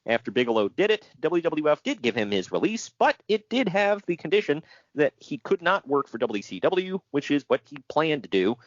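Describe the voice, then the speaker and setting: Casual male podcast co-host, lively and sarcastic, mid-range pitch, dry lo-fi sound. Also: moderate pace, no echo. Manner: animated, sarcastic, laughs often. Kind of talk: casual wrestling news chat.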